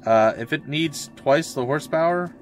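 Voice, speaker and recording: A man's voice: a little high, moderate pace, faint music behind. A young adult man, rambling and ranting in casual chat while streaming a game. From Florida, USA. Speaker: let's play streamer.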